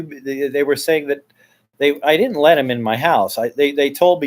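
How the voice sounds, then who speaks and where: A man's voice: a little high, moderate pace. A man speaking a casual monologue addressed to his neighbor, rambling with many restarts and repeated words as he airs his complaints. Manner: aggrieved, airing complaints.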